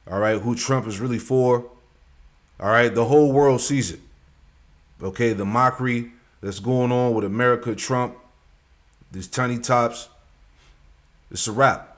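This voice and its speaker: A man giving preachy commentary on scripture, peppering his talk with "all right" and "man". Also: medium pitch.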